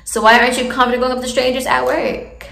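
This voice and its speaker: Young woman chatting candid advice, a bit of gravel in her voice, echoey room. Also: high voice, flat delivery, fast talker, fairly bright tone. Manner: candid, chatty, laughs often. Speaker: vlogger giving advice. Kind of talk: casual advice chat.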